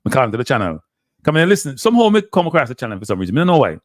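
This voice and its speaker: Animated Jamaican man slipping into patois. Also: medium pitch, racing, dry recording, studio quality. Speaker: live show host. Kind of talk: casual live-stream talk.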